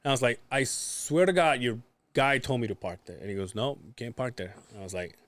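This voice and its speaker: A man's voice: medium pitch, expressive, quick pace, a bit bright, no echo. Guy ranting through a funny story on a podcast, swears a lot, dry close mic. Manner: swears often, acts out quoted voices. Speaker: podcast co-host. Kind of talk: casual storytelling chat.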